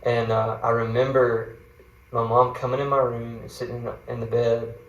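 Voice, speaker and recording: A man's voice: mid-range voice, little pitch movement, moderate pace, echoey room, recorded from a distance, muffled recording. A man, a guest mentor, tells a personal faith story in an earnest, rambling way, full of fillers and restarts. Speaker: guest mentor sharing a testimony.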